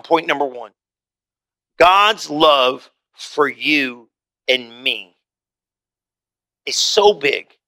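A man preaching a sermon as pastor, swinging from forceful lines to hushed ones and repeating words as he builds. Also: medium pitch.

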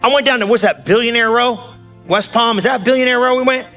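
A man preaching a sermon in a loose, conversational storytelling way, breaking into shouted bursts of excitement. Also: very high voice, brisk, soft background music.

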